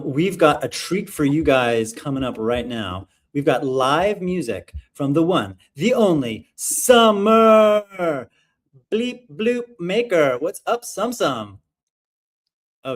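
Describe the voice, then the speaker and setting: A man in his thirties hosting a casual online showcase over a video call, talking in an upbeat, rambling way with lots of fillers. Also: mid-range voice. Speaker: livestream showcase host.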